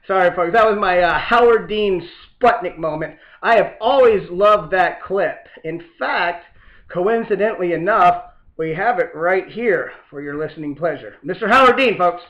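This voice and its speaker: A man's voice: high voice, moderate pace, a bit bright, dull audio. A man hosting a political comedy show, reading the news with a sarcastic, mock-outraged tone. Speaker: podcast host. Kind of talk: satirical political commentary.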